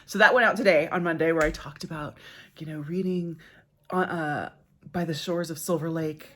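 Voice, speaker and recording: A woman's voice: low voice, steady tone, moderate pace, a bit bright. A middle-aged woman chatting casually in a book vlog, rambling and interrupting herself, laughing at her own stories. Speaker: book vlogger. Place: backyard outdoors.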